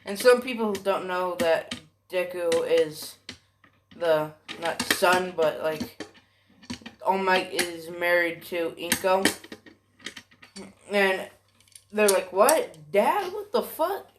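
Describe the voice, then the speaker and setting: A rambling fan storyteller who drags through the story at an unhurried pace, full of fillers and swearing. The voice sits at an ordinary middle pitch, and the talk keeps doubling back to fix details. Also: slight background noise. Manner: rambling, profane, self-correcting, many fillers.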